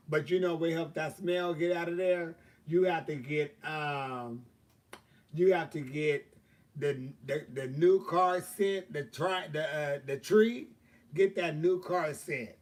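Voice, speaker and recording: Recorded from a distance, a man with a higher voice takes his time spinning a long tale on his livestream. As host, he's casual, chatty and profane, drawling and leaning heavily on fillers.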